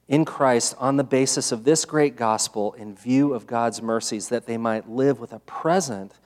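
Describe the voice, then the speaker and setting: A man's voice: medium pitch, a little mellow. Man preaching in a reverberant hall. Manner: conversational preaching with frequent fillers, rising when emphatic. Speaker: pastor. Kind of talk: sermon. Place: church sanctuary.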